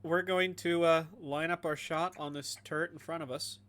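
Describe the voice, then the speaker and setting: A man's voice: fairly high pitch, steady tone, fairly bright tone. A man playing a tabletop role-playing game, rambling and joking as he describes his character's actions. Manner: rambling, joking, slow bits of in-character mumbling. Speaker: player. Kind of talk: casual tabletop role-play.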